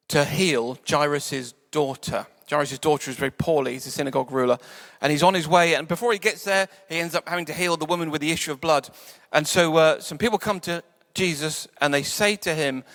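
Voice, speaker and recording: A man preaching a sermon in a church, conversational and playful, sometimes dropping to soft quiet tones. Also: fairly high pitch. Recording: church hall reverb.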